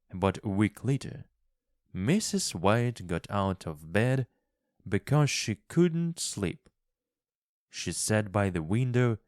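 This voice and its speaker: A man slowly reading a graded English story aloud, clearly enunciating each phrase. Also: on the low side, a little mellow, no room sound, studio quality. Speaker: narrator of a graded English reader. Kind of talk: slow, expressive storybook reading.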